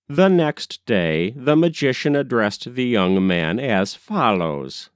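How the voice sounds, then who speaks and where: A man reading a story aloud in a measured, expressive narrating manner. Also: mid-range voice, clear, resonant tone, no echo, clean studio sound. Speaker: audiobook narrator.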